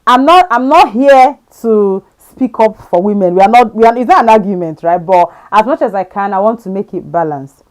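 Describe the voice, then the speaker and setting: A woman hosting a casual interview chat, speaking in a measured, careful way that drops low at the ends of phrases. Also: lively intonation. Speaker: host.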